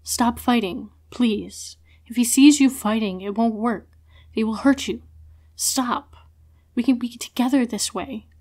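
A woman's voice: on the high side, measured pace, a little mellow. A woman voicing an earnest young man who urgently pleads with his captive, read in a storybook. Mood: pleading.

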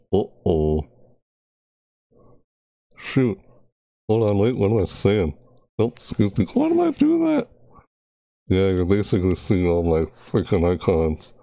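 A young man streaming live, rambling casually to himself and his viewers with sudden loud yelps. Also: sits low, moderate pace, no room sound, studio quality.

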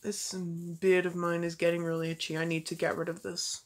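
A woman's voice: on the low side, little pitch movement, poor audio. A teenage girl reading fanfiction aloud in a casual way, stumbling and restarting, with wry comments between passages. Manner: reads haltingly with restarts and wry asides. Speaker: fanfiction reader. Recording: faint background noise.

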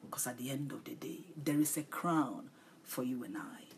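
A woman preaching and praying on a livestream, pleading and tender, often repeating short phrases and dropping into soft breathy whispers. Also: rumbling low, normal speed, slight background noise. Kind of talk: livestream sermon and prayer.

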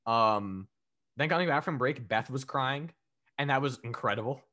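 A man co-hosts a podcast, reviewing wrestling in casual, profane chat with a medium-pitched, sharp voice at a moderate pace. He rambles, leans on fillers, and laughs often.

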